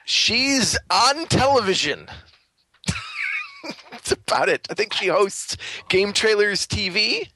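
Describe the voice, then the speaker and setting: A man's voice: sits high, wildly swooping pitch, slow pace, pushed and bright, breathy edge. A man co-hosting a podcast, chatting casually in a dry, teasing way. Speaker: podcast co-host. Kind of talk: casual chat.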